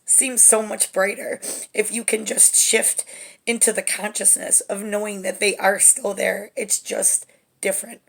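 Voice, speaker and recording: A woman giving a spiritual tarot reading to camera, gentle and reassuring, often checking in with "okay?". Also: mid-range voice, steady tone, measured pace, creaky. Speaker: tarot reader.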